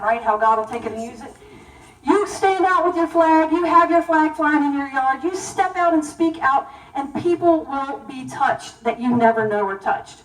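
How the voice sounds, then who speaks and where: Middle-aged woman, keynote speaker, high and emphatic, recorded from across an echoey banquet hall. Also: far from the mic. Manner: animated, emphatic storytelling. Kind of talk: storytelling speech to an audience.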